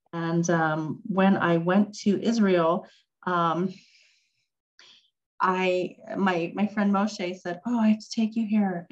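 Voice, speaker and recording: Reading chat messages aloud and answering them, a chatty Hebrew teacher gives an informal online language class full of ums. Her voice sits in the mid range, and the audio sounds dull.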